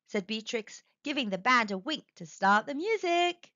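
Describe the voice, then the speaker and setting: A woman reading a children's picture book aloud, gentle and expressive. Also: a little high, moderate pace, no echo. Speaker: storyteller. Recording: dull dry recording.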